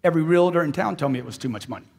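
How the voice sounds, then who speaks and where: Intense guy preaching about sales, high raspy voice, big echoey hall. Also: lively intonation, very fast, a little mellow. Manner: intense, emphatic, repeats phrases for punch. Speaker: motivational sales speaker. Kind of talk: live seminar speech.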